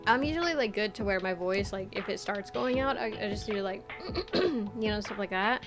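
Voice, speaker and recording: A woman's voice: medium pitch, normal speed, over music. A young woman streamer chatting casually with viewers, rambling with lots of filler words, swearing and laughing often. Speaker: VTuber streamer. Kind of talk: casual chat reading viewer comments.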